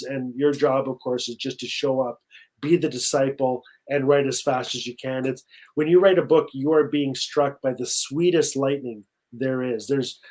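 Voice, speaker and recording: A middle-aged man from Canada tells a story on a video call, his voice a little higher than most men's. He repeats words as he goes and acts out the people he quotes. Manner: warm storytelling with repetitions and acted quotes. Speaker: author guest. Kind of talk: live-streamed conversation.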